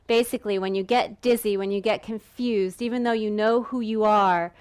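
A woman preaching a sermon in a lively, conversational way, now and then acting out the voices of the people in the story. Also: mid-range voice, moderate pace, hardly any pauses, smooth. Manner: lively and conversational, acts out voices of Israelites and God. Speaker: pastor.

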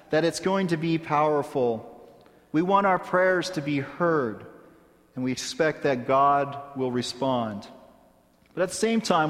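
A male pastor preaching a sermon in a measured way, with deliberate pauses. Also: on the high side, in a large hall. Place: church sanctuary.

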